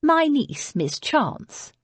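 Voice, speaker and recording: A woman's voice: high-pitched, sing-song, drawn-out words, dry recording, voice pushed up, heavily acted. A woman voicing an imperious, haughty aristocratic lady in an audiobook, speaking coolly and grandly. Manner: cool and imperious.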